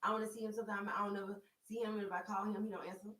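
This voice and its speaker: A woman in her thirties hosting a casual chat, telling stories in an animated way, with lots of "like" and free swearing. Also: mid-range voice, racing. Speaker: host. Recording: roomy sound, mic at a distance.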